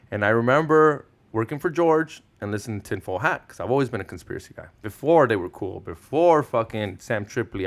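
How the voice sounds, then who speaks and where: A man in his thirties whose first language is Spanish, telling stories animatedly in casual podcast chat, slangy and swearing, acting out what people said. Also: mid-range voice. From Mexican-American, Southern California. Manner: animated storyteller, slangy, swears, acts out quotes. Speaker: podcast guest.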